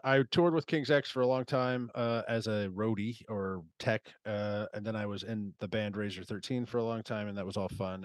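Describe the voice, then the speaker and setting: A man's voice: on the low side, no room sound. A man in his thirties hosting a podcast, chatting casually, rambling and swearing freely. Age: 30s. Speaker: podcast host. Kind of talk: casual chat.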